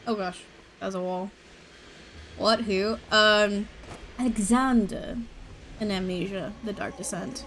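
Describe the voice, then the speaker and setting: A woman's voice: mid-range voice, fairly even intonation, slow pace, long pauses, a little hiss or hum. A woman streaming a video game who chats casually, giggles often and swears now and then. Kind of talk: casual gaming commentary.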